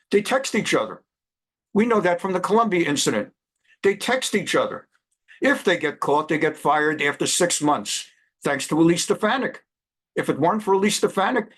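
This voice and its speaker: A man's voice: high-pitched, a bit bright. A man in his seventies, a rabbi and law professor, giving an impassioned address in a scolding, emphatic tone full of rhetorical questions. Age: 70s. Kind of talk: impassioned direct-to-camera address.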